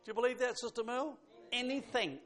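A man's voice: very high-pitched, brisk. A man preaching at a church service, reading scripture and leading the congregation in song. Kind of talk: sermon with congregational singing. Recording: loud music behind the voice.

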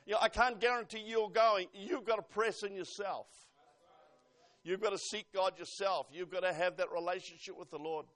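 A male preacher with a notably high voice delivers a fervent sermon. He presses his points with loud, urgent appeals and then drops into quiet, confiding asides. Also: steady tone, normal speed. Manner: fervent, swings between loud exhortation and hushed asides.

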